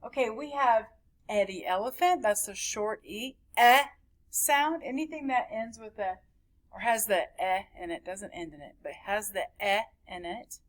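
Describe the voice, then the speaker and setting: A woman teaching a recorded phonics lesson to young children, slowly stretching out and repeating each sound in a sing-song way. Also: mid-range voice. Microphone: camera recording at a desk.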